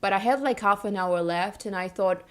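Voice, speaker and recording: A woman's voice: mid-range voice, normal speed, a bit bright. Giggly young woman chatting on stream. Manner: giggly, rambling, restarts a lot. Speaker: VTuber streamer. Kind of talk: casual chat with live stream viewers.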